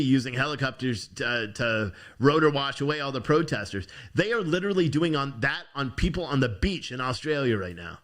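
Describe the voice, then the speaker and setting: A man's voice: a little high, fairly bright tone. A young man hosting a news show, ranting angrily with swearing and frequent restarts. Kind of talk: angry political commentary.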